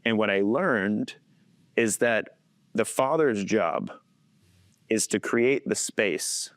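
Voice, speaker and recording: Thirties guy coaching type, lowish voice, dry close sound, tells stories earnestly and chuckles a lot. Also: takes it slowly, no room sound. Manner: earnest, chuckles often while telling stories. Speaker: podcast guest, faith-based coach. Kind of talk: personal storytelling in conversation.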